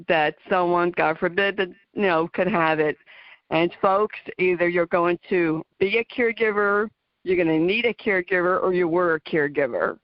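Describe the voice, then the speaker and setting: A woman's voice: on the low side, no echo, lo-fi sound. A woman hosting an internet talk radio show, speaking earnestly as she advocates and signs off. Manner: earnest, advocating, with small laughs. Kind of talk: casual talk radio sign-off.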